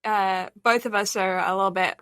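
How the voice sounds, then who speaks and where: A woman's voice: mid-range voice, fairly even intonation, moderate pace, fairly bright tone, dry recording, faint music behind. A woman co-hosting a casual podcast chat with a slight lisp, rambling and laughing often. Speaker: podcast co-host.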